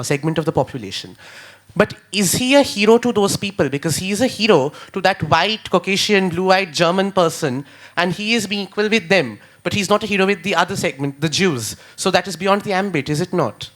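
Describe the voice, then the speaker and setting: A man from India poses a debate question in a fairly high voice. He probes carefully and in a measured way. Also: a bit bright. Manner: measured, probing.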